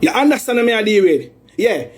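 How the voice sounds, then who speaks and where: A Jamaican man with a high-pitched voice delivers a heated rant in thick patois. He sounds aggrieved and accusing, circling back over the same points again and again. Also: very animated, a little fast, a little mellow. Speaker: man airing a family dispute.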